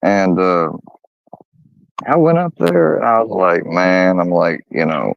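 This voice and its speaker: A man's voice: low voice, expressive, measured pace, gravelly, pauses often, dry recording. A man telling a story in casual talk, swearing a lot and getting heated as he acts out what others said. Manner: profane, heated, quotes others in a raised voice. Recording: dull, dry lo-fi sound.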